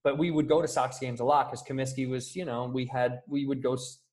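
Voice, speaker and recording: A man in his thirties from the Chicago area, telling animated stories on a casual podcast and acting out the people in them. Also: medium pitch, a little fast. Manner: animated storyteller, acts out quoted voices. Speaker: podcast guest.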